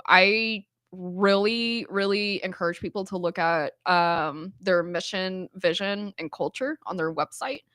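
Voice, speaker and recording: A woman as a podcast guest, telling stories in an animated, casual way with lots of "like" and laughter. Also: mid-range voice, no room sound. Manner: animated storytelling, frequent "like" and laughter. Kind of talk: casual chat.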